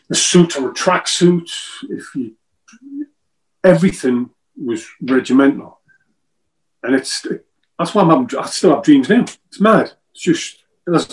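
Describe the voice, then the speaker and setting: A man, talking in a loose, rambling way. He jokes around and circles back over his own words while recalling old times, his voice sitting a little high. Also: rough recording. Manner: rambling, joking, repeats himself. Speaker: former footballer guest. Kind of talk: casual interview chat.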